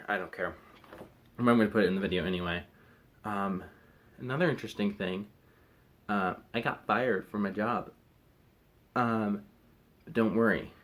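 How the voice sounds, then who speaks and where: A man's voice: fairly low pitch, fairly bright tone. A young man chatting casually to camera in a rambling, hesitant way, full of fillers and restarts. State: recovering from wisdom teeth removal. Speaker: vlogger.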